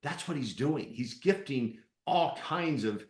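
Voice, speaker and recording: Animated male storyteller in a roomy hall. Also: mid-range voice, measured pace. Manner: animated storyteller with acted-out quotes. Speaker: interviewer and performance coach. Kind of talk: live interview with storytelling.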